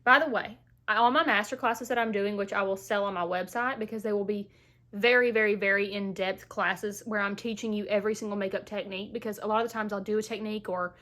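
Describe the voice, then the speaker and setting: A woman's voice: mid-range voice, fairly even intonation, quick pace, bright, forceful tone. A young woman vlogger chatting casually through a makeup tutorial at home, playful and full of asides, a little short of breath while she recovers from illness. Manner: chatty, playful asides, Southern-style "y'all". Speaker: beauty vlogger.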